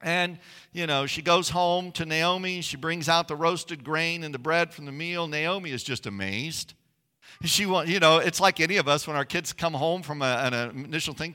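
A man preaching a sermon, telling stories with swings from hushed tones to loud, emphatic passages. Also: on the high side, moderate pace, in a large hall. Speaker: pastor.

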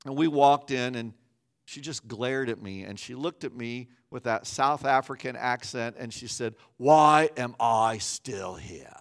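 A man's voice: mid-range voice, moderate pace, clean tone. A man preaching a sermon as a pastor, earnest, often repeating words as he builds his point.

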